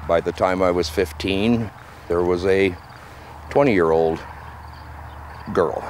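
Middle-aged man, very low voice; blunt, matter-of-fact interviewee with faint background noise. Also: slow. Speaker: documentary interviewee. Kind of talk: candid interview.

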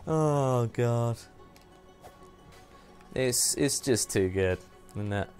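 A man's voice: mid-range voice, very slow, darkish tone, soft background music. Rambling man streaming a game. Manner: rambling, self-deprecating, laughs often. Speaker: streamer host. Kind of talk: casual live-stream chat while gaming.

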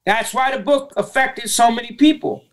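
A man's voice: very high voice, normal speed, a bit bright. A middle-aged man with a New York accent, telling a raw story as a podcast guest, blunt and swearing often. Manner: blunt, heavy swearing, emotional retelling. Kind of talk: casual interview storytelling.

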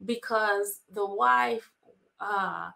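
A woman co-pastor joining the sermon, calmly telling a counseling story in a measured way. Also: medium pitch, gravelly. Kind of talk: sermon dialogue, telling an anecdote.

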